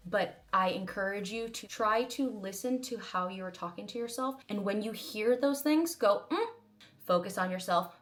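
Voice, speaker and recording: A woman actress answering viewer questions in an advice vlog, speaking in an earnest, encouraging, direct way. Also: medium pitch.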